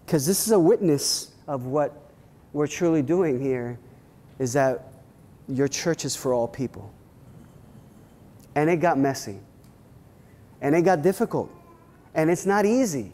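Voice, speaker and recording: A man, a pastor, giving a workshop talk, telling personal stories in an animated way with many restarts and repeated words. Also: a little high, moderate pace, long pauses, long reverb tail. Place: church hall at a leadership weekend.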